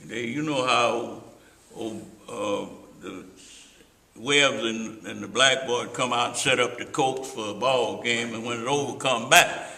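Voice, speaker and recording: A man's voice: mid-range voice, a little slow, gravelly, bright, forceful tone. An older man, telling rambling stories with asides to his listener in an oral history interview. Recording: roomy echo.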